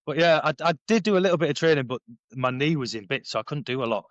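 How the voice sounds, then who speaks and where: A man in his thirties tells his story as a podcast guest at a brisk clip, lively and full of quoted dialogue. The sound is dry and a little dull, with no room around it. He swears and laughs easily as he tells it. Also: a little high, no room sound. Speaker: podcast guest, former paratrooper and bare knuckle fighter. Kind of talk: casual storytelling interview. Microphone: headphones on, sitting at a podcast mic.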